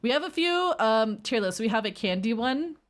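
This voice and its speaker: A woman's voice: a little high, animated, normal speed. Chatty woman streamer rambling on about whatever, casual livestream talk. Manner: rambling, chatty, reacting to chat.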